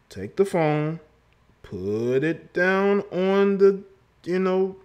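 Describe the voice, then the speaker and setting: A man's voice: on the high side, darkish tone. A man hosting a livestream, commenting on a played clip in a mocking tone. He laughs and repeats words for effect. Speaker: livestream host.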